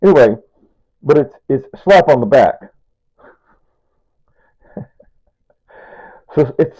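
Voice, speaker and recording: A home cooking vlogger in his sixties chats casually while cooking a stew, rambling through asides and chuckling at his own jokes. His mid-range voice is warm and husky, with big pitch swings, a measured pace and long pauses. The recording sounds tinny, like a phone.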